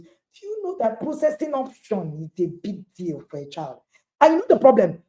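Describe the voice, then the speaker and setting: A middle-aged woman with a Nigerian accent speaks to parents in an emphatic, motivational talk. Her pitch rises and falls with great liveliness, and her tone is mellow and warm rather than bright. She repeats key lines for stress and speaks straight to her listeners.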